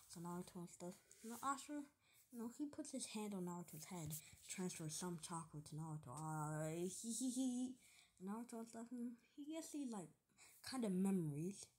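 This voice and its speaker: A woman's voice: on the low side, animated, normal speed, a little mellow, slight background noise. A woman casually retelling a fan story, rambling with lots of fillers and joking asides.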